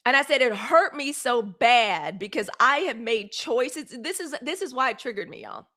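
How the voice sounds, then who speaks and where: A woman with a Mississippi Southern accent hosts a casual livestream, talking straight to her viewers as y'all. She is blunt and fiery and swears freely. Her voice is bright and pitched a little high. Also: animated, moderate pace. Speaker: livestream host.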